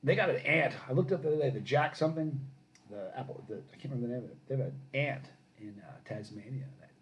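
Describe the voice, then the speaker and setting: A middle-aged man hosting a casual live stream, reading viewer comments and telling lively stories that grow loud when he gets excited. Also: medium pitch, poor audio. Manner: animated storyteller, rising loud when excited.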